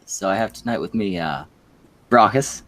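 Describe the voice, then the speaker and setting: A man's voice: fairly low pitch, expressive, moderate pace, fairly bright tone. A man with a Quebec French Canadian accent hosting a stream, rambling through crude, casual banter full of fillers and restarts. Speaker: stream host.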